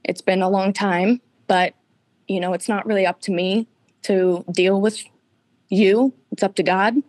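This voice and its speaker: A woman's voice: medium pitch, fairly even intonation, a little slow, darkish tone, dry recording. A woman guest giving a candid, emotional personal account in an interview, tearful at times.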